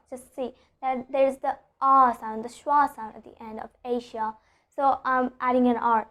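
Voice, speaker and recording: A woman teaching an online pronunciation lesson, explaining step by step, repeating example sentences and often checking in with a quick "okay?". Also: high-pitched, steady tone.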